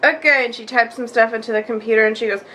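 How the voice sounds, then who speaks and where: Bright, high-voiced chatty young woman. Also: quick pace, a little hiss or hum. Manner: chatty, animated, acts out quotes with many likes. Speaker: vlogger. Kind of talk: casual storytelling vlog.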